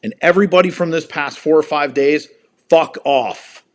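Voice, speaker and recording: Male livestream host at home in an angry, profane rant, slightly high-pitched voice. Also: normal speed. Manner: heated, profane, emphatic.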